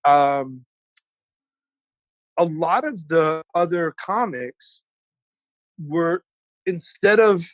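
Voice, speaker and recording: A chatty man in his forties talks animatedly and swears freely as a podcast guest. His voice sits somewhat high for a man. The recording is dry and close. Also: animated, extremely slow, pauses often, no echo, poor audio. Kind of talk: casual chat. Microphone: remote call setup.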